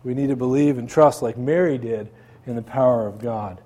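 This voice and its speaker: A man's voice: mid-range voice, normal speed, warm tone. Earnest conversational male pastor. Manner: conversational, earnest, with frequent fillers. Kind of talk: sermon.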